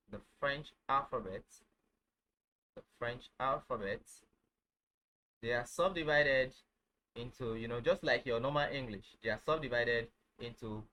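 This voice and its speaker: A man teaching a casual online lesson, halting, with many fillers, who says each phrase over and over. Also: mid-range voice, a bit bright, a little hiss or hum, rough recording. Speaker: language teacher.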